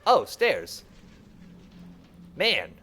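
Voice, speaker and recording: Man streamer, casual let's-play chatter, slightly high and very animated. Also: very slow, slight background noise. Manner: casual, chatty, thinking aloud.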